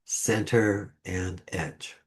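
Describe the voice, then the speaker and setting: Slow, measured man giving a sermon. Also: low-pitched, fairly even intonation, slightly rough. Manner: slow, measured delivery with deliberate pauses. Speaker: lay speaker. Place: church sanctuary.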